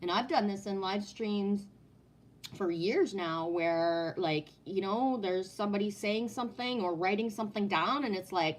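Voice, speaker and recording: A woman's voice: medium pitch, lively intonation, measured pace, slight background noise. A woman talking casually on a home live stream, answering chat in a blunt, profane way and often asking "right?". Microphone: no headset, sound heard in the room.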